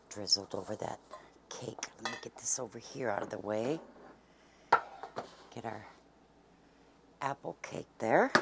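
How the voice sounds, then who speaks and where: A woman's voice: rumbling low, creaky, very noisy. Woman, home-cooking host, folksy and chatty, drifts into near whispers, kitchen setting. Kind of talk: casual cooking demonstration.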